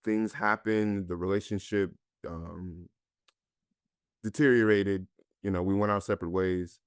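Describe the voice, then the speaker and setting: A man's voice: sits low, fairly even intonation, a little slow, clean tone, dry recording, clean studio sound. A man from North Carolina, an actor guest, earnestly and candidly telling his own story in a conversation.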